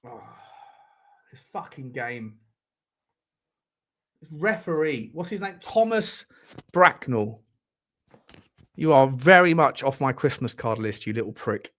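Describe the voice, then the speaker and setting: Guy yelling and swearing at the ref during a live game stream, pretty high voice. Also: expressive, a little slow. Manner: furious, swearing ranting. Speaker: football fan channel host. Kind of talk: live football watchalong commentary.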